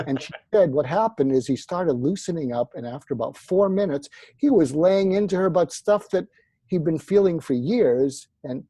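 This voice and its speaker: Man, guest expert, lively storyteller, mellow husky voice, dry close sound. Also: a little high, moderate pace, no echo. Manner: animated anecdotal storyteller, acts out quotes. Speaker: psychiatrist guest. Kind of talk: storytelling interview answers.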